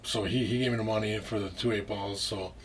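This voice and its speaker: A man's voice: fairly low pitch, fairly even intonation, a little fast, slight background noise. A man telling a story in casual talk, rambling with restarts and frequent swearing. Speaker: interview guest.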